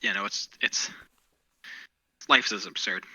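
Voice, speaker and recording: A man's voice: fairly low pitch, measured pace, bright, forceful tone, slightly rough, dry recording, low-quality recording. A man co-hosting a podcast, chatting casually about current events in a rambling, profane, opinionated way. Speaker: podcast co-host.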